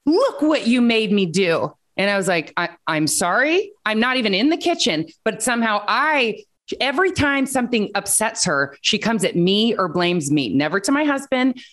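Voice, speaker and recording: A woman's voice: medium pitch, sing-song, fairly bright tone. Candid mother laughing at herself. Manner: candid, quick to laugh at herself, quotes her kids. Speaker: mother seeking advice. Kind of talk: casual chat.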